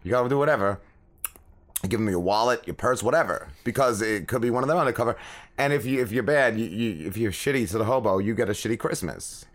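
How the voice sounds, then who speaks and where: Speaking quickly in a lowish voice, this man co-hosts a podcast full of casual, profanity-laden storytelling. He rambles, curses constantly, and performs the words of the people he's quoting.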